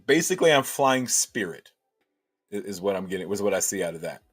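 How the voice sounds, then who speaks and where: A man's voice: deep voice, sing-song, a little fast, a bit bright, husky, faint music behind. A man hosting a casual livestream, thinking aloud and answering chat with many restarts.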